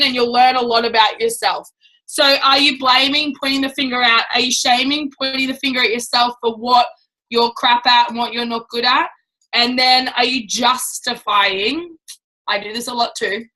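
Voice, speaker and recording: A woman's voice: fairly high pitch, steady tone, moderate pace, pushed and bright, low-quality recording. A woman giving a casual, blunt and chatty training talk to a business team. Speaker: network marketing trainer.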